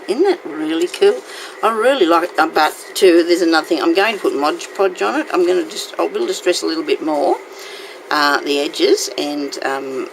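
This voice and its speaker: Woman, craft tutorial host, chatty, fairly low gravelly voice, steady background hiss. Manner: chatty, talks to herself while working. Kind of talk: casual crafting tutorial talk. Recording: noisy home recording.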